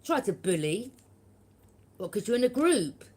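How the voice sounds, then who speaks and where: Here a tarot reader offers a collective reading in a fairly high, slightly mellow voice with big swings in pitch and a measured pace. She speaks bluntly and directly, curses often, and keeps asking "yeah?"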